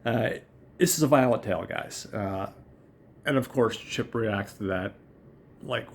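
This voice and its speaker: A man's voice: fairly low pitch, unhurried, pauses often. Chatty, profane man recapping a film. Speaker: podcast host.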